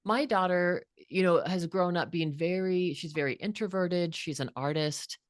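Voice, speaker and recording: A woman in her fifties, here as a guest author, offers an earnest, reflective personal story full of restarts, in the manner of heartfelt storytelling. Her fairly low voice keeps a moderate pace, captured dry and clean in a studio.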